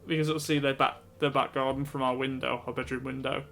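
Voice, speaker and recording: A man's voice: mid-range voice, level tone, quick pace, vocal fry, fairly bright tone, faint music behind. A man streaming while he draws, chatting casually and rambling with lots of fillers. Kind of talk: casual chat while drawing.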